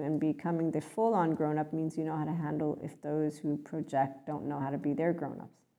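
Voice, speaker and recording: A woman's voice: low-pitched, flat delivery, normal speed, mellow. A woman spiritual teacher giving a channeled talk, blunt and swearing, acting out other people's voices as she goes.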